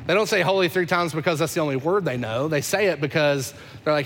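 A man preaches in a lively, conversational way, hammering home points through repetition. His voice sits a touch high. A long reverb fills the hall, with faint ambience behind. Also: quick pace, slight background noise. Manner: conversational and animated, with repeated phrases. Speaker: pastor. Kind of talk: sermon.

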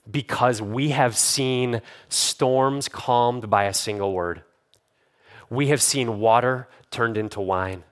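A man's voice: mid-range voice, unhurried. A man pastor preaching a sermon in a church, talking casually and then building to fervent emphasis. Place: church sanctuary.

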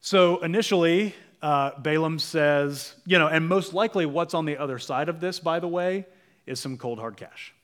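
Male pastor, slightly high voice, chatty sermon storytelling with hushed emphasis. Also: normal speed. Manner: conversational storytelling, dropping to a hush for emphasis.

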